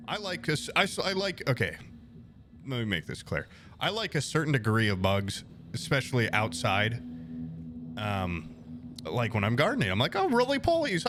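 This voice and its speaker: A man's voice: lowish voice, slight background noise. A young man streaming, telling a rambling, profane anecdote to his chat and acting out the people in it. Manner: animated, profane, rambling anecdote with quoted voices. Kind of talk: casual storytelling to chat.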